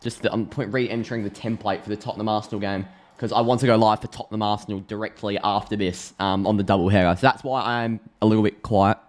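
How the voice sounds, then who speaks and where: An Australian man giving a chatty, excitable live reaction to a football match, thinking aloud and restarting his sentences. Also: lowish voice, fast talker, few pauses. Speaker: football streamer.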